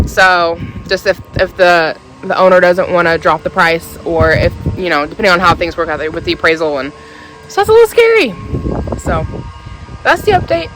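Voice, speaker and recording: A woman sits in her car venting to the camera, her mid-range voice set against background noise. Her talk is casual and rambling, packed with filler words as she airs her frustration.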